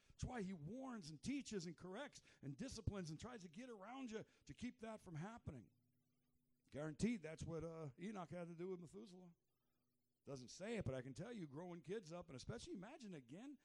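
A man preaching a fervent sermon, moving between loud exhortation and quiet, low asides.

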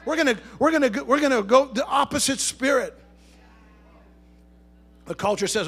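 High-voiced man preaching a sermon. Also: moderate pace, pauses often, fairly bright tone, slightly rough. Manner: conversational, joking with the congregation, rising to emphatic bursts. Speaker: pastor.

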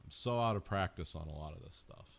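A man with a low, deep voice talks casually in a hesitant way. He restarts his sentences and leans on filler words as he thinks. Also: fairly quick, creaky. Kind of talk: casual chat.

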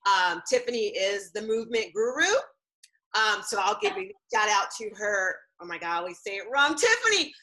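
A woman's voice: medium pitch, moderate pace, sharp tone, poor audio. A woman co-hosting a casual live-streamed chat, talking earnestly with many fillers and restarts. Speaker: co-host.

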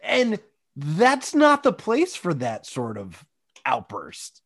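Animated storytelling man, lively pitch. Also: slow pace, vocal fry, husky, dry recording. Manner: animated storyteller, acts out quotes. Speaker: podcast co-host. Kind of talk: casual chat.

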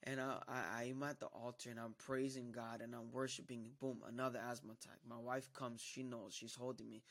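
A man with a gravelly voice gives a personal testimony in church. He tells it emphatically and acts out what others said to him. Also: medium pitch, flat delivery, brisk, fairly bright tone. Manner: emphatic storytelling, acting out quoted dialogue. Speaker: church member giving a testimony.

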